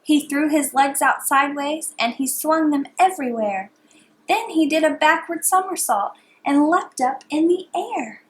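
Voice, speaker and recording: A mother reading bedtime stories aloud to her baby in a soft, hushed, sing-song manner. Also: high voice, measured pace.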